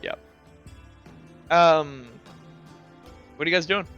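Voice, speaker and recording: A man's voice: fairly high pitch, slow pace, fairly bright tone, smooth, faint music behind. A man narrating as game master of a tabletop game, casual and hesitant with fillers. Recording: dull lo-fi recording.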